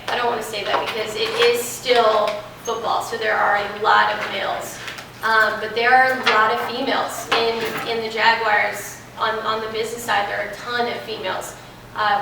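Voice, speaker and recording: A young woman, chatting animatedly as a guest speaker in a classroom Q&A, recorded from a distance in an echoey room. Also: a little high. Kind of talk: classroom Q&A talk. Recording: echoey room from afar, faint noise.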